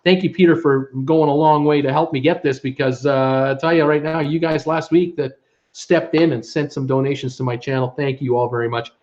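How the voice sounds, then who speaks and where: A man's voice: a little high, steady tone, brisk, a little mellow, lo-fi sound. A man from Ontario, Canada, hosting a casual live stream and greeting viewers in the chat, upbeat and full of fillers. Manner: chatty, upbeat, many fillers. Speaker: livestream host reading viewer chat. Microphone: webcam setup at home.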